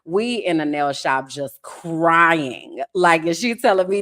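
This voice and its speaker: Low-pitched woman host; frank, lively storyteller on a casual call-in podcast. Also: takes it slowly, hardly any pauses. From United States. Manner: candid, animated storytelling with sudden laughs.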